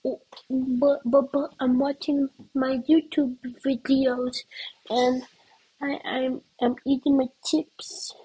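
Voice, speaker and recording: A whiny little kid sibling with a raised, pleading voice that stumbles over its protests. It sounds breathy and unhurried, put on by a teenage girl. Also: sits high, little pitch movement, mellow, pitched above the performer's own voice, full character voice, rough recording. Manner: whining, stammering protests.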